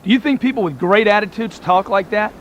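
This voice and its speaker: A man with a bright, high-set voice delivers a motivational talk in a punchy, emphatic way, hammering his points through repetition. A faint hiss sits under the recording. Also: brisk, muffled recording. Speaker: motivational speaker.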